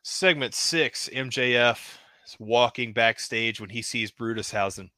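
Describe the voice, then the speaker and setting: A man hosting, narrating play-by-play of a toy wrestling show in a casual way, rising with excitement at the pin counts. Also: medium pitch, measured pace, no room sound, studio quality. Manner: casual, hedging with "kinda", excited at pinfalls.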